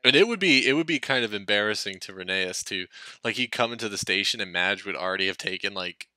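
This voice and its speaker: A man with a low but very bright, sharp voice pitches story ideas in relaxed, hesitant phrases. The sound is dry and close, with no room around it. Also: fast, no echo. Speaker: podcast co-host. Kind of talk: casual story brainstorming chat.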